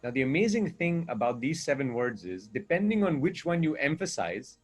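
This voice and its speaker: A man's voice: mid-range voice, sing-song, normal speed, soft background music. A man speaking as a communication coach in a conversation, earnest and explaining with examples and rhetorical questions.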